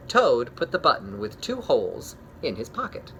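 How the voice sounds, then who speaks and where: A man reading a children's picture book aloud, gentle and expressive, talking kindly to young listeners. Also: mid-range voice, normal speed, few pauses, a little hiss or hum. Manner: gentle, warm-hearted and expressive, talks to kids. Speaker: children's story reader.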